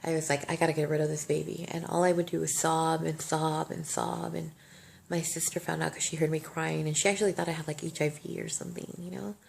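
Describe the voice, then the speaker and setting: A woman's voice: deep voice, flat delivery, a little fast, vocal fry. A young woman vlogging a personal story, emotional and rambling, swearing freely. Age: young adult. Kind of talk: casual storytime monologue.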